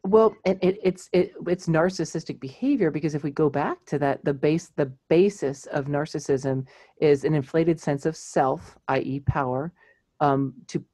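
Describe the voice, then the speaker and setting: Animated woman psychologist telling stories. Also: extremely low pitch, no room sound. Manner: animated storyteller, laughs often. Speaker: clinical psychologist. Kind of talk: casual chat on psychology.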